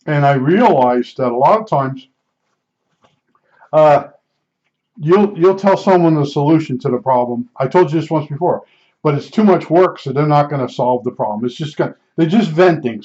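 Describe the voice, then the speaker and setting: Man, fairly high pitch, chatty rambling storyteller, restarts a lot, muffled lo-fi audio. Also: a little mellow. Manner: rambling, with frequent restarts and fillers. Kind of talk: casual anecdotal storytelling. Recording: dull lo-fi recording.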